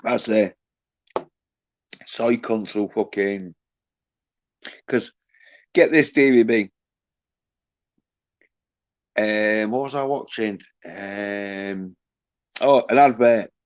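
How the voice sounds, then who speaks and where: A man's voice: on the low side, fairly even intonation, drawn-out words, pauses often, no echo. A man hosting a livestream, ranting crudely and mockingly while reading out the chat. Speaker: livestream host. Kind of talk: casual livestream rant. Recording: dull lo-fi stream audio.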